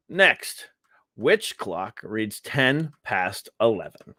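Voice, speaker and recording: A man's voice: on the low side, big pitch swings, a little slow, long pauses, a bit bright, dry recording, clean studio sound. A man hosting a live stream, giving sarcastic, rambling commentary with laughs.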